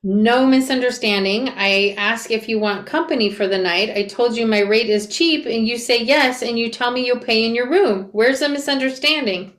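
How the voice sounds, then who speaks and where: A woman's voice: a little high, normal speed, few pauses, fairly bright tone, roomy sound, close to an everyday voice. A woman reading the lines of a blunt, matter-of-fact male escort in her own voice.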